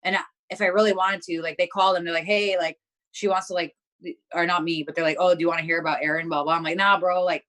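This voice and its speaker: A woman's voice: on the low side, fairly even intonation, quick pace, fairly bright tone. A young woman talking as an interview guest, telling a story bluntly with lots of swearing and filler words. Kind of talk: casual chat.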